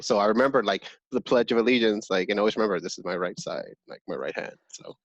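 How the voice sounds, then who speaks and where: A man whose first language is Spanish, telling a story in relaxed, casual talk on a podcast. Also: on the low side, fast talker, few pauses, dry recording. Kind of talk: casual chat.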